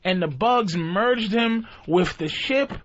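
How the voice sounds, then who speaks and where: A man guesting on a radio show, retelling film plots with an animated, profane comic flair and acting out characters. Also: high voice, slow, muffled recording. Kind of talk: comic storytelling.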